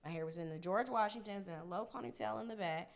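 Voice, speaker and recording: A young woman hosting a podcast, telling a story in a casual, animated, profane way, often laughing. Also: mid-range voice, fast. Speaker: podcast host.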